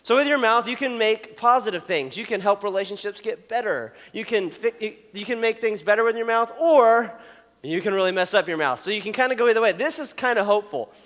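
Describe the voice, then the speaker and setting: Young male youth pastor, high voice, chatty storytelling sermon, long hall reverb. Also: fairly quick, fairly bright tone. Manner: storytelling, joking, often checks in with "okay?".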